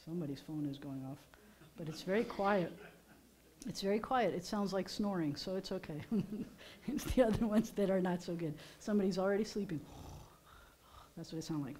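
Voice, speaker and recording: An older American woman, a rabbi, giving a casual, teacherly sermon with gentle jokes to her congregation in a synagogue. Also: lowish voice, brisk, pauses often, slight background noise. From United States. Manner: chatty, teacherly, gently joking. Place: synagogue sanctuary during a service.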